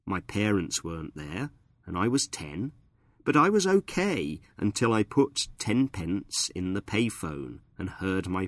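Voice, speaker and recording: Deep slow-speaking male teacher. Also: no echo. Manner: friendly, clear, explanatory. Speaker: presenter of an English-learning podcast. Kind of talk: scripted teaching narration.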